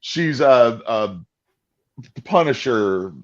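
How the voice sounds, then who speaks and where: A man's voice: medium pitch, lively intonation, very slow, dull audio. A man co-hosting a casual movie discussion, rambling and restarting as he chuckles between points. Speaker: podcast co-host and voice-over performer.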